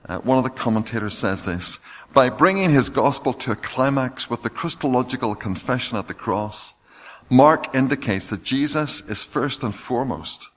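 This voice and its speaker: A man preaching a sermon, reading scripture passages aloud with rising emphasis. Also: on the low side.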